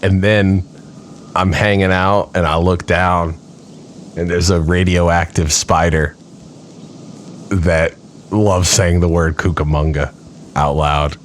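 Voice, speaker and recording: A man co-hosting a comedy podcast, rambling through absurd improvised bits in a deadpan way. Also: sits low, takes it slowly, long pauses, a little hiss or hum. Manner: absurd deadpan rambling with bursts of silly voices. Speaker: podcast co-host.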